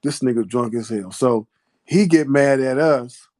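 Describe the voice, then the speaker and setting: Dude telling a story, chill and laughing, lots of cussing, normal pitch. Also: male voice, a little slow, mellow. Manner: laid-back, profane, laughing. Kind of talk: casual storytelling.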